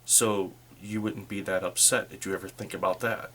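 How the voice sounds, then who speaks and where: A man's voice: deep voice, steady tone, normal speed, fairly bright tone, slight background noise. A man voicing a wry adult male adventurer who teases his companion. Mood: teasing. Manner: wry, teasing.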